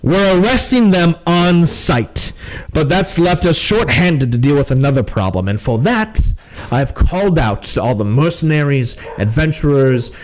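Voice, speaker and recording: A man voicing a gruff, harried male guard captain who talks formally and gets flustered. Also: a little high, lively intonation, normal speed, natural voice, poor audio. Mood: grave.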